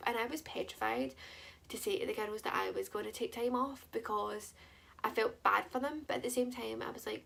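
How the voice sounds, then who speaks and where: A woman's voice: mid-range voice, moderate pace, gravelly, fairly bright tone. A young woman, chatting candidly and rambling in a personal vlog. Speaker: vlogger.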